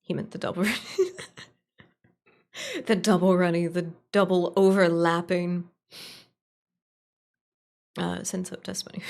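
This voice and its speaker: A woman streaming live and chatting casually with her audience. Her voice sits at an ordinary middle pitch. She rambles and jumps between thoughts, laughs often and drops casual swears. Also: animated, slow pace, creaky, long pauses, a little mellow.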